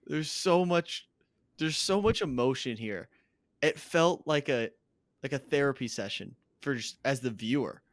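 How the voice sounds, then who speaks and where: A man's voice: mid-range voice, animated, a little slow, no echo, clean studio sound. A man in his twenties co-hosting a casual recap podcast, chatty and laughing often. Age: 20s. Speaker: podcast co-host.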